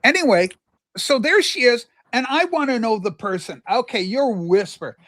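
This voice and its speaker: An older man from Canada, co-hosting a casual livestream and telling a rambling story with lively asides. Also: very high voice, moderate pace, dry recording. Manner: animated, jumps between asides and acted quotes. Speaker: livestream co-host.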